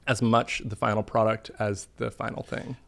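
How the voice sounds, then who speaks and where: A man being interviewed about his art, speaking in a thoughtful, halting way with frequent restarts. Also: lowish voice, little pitch movement, vocal fry, a bit bright. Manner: thoughtful, halting, self-correcting. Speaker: interview guest, artist. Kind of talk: casual interview.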